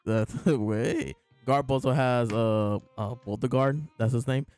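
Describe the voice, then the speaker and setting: A man's voice: medium pitch, measured pace, a little mellow, clear, resonant tone, faint music behind. A man casually reviewing and discussing a comic chapter, rambling with many fillers and chuckles. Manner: laid-back, rambling, lots of fillers and laughs. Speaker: podcast host reviewing a manga chapter. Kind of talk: casual chat.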